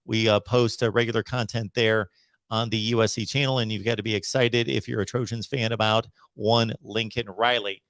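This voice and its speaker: A middle-aged man hosting a sports call-in livestream, talking emphatically and slowing down to drive his points home. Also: fairly low pitch, flat delivery, a bit bright, dry recording. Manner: emphatic, preachy, slows down to stress points. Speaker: host of a college football call-in show. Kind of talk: casual livestream monologue.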